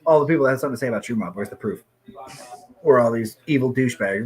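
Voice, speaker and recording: A man in casual podcast chat, tipsy, talking fast with lots of swearing and sudden excitable outbursts, often putting himself down. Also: mid-range voice. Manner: fast, profane, excitable, self-deprecating.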